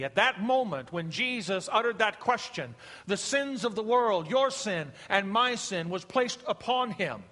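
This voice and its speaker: A middle-aged man preaching a sermon, swinging from emphatic rises to hushed, slow passages. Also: high-pitched, animated. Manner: emphatic preaching, rising and dropping to a hush. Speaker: pastor. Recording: long hall reverb.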